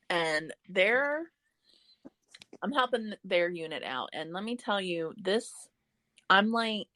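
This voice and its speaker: A woman's voice: on the low side, a bit bright, no echo, low-quality recording. A woman co-hosting a podcast in wry, distracted casual chat. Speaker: podcast co-host.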